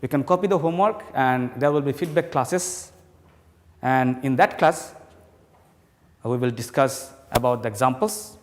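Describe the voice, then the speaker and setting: A male teacher giving a slow classroom lesson, explaining and repeating each point. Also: medium pitch, in a large hall.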